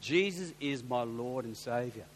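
A man quoting a slow, solemn older German man. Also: medium pitch, slight background noise, pitched below the performer's own voice, close to an everyday voice, rough recording. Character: tall older German man, quiet and earnest.

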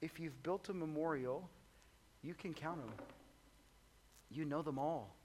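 A man preaching a sermon in a conversational, humorous way, swinging between soft low asides and loud high exclamations. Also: measured pace. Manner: conversational and humorous, acts out voices of the disciples. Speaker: pastor.

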